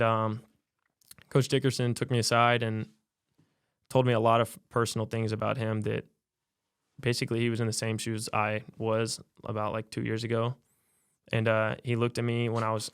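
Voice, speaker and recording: A young man, a college athlete, telling a personal story in a podcast interview, soft-spoken and halting with many fillers. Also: lowish voice, gravelly, smooth, no echo, studio quality. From United States. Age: young adult. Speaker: college basketball player, podcast guest. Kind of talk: personal testimony in a podcast conversation.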